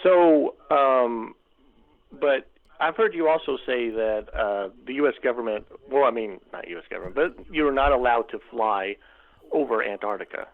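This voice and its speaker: A man hosts a heated radio debate, skeptical and pushing back as he steers the talk. His pitch sits in an ordinary middle range. The sound is narrow and tinny, like a phone line on the radio. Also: animated, normal speed. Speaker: radio host.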